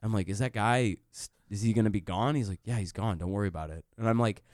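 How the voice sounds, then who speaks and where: A man's voice: on the low side, fast, darkish tone, dry recording, studio quality. A male comedian telling a story on a podcast, swearing freely and breaking into laughs as he goes. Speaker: comedian guest.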